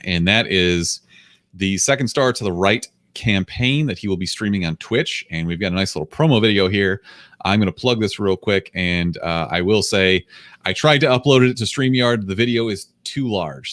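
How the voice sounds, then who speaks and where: A man's voice: lowish voice, a bit bright, no room sound, studio quality. A man hosting a casual podcast, wry and profane, reading plugs. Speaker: podcast host.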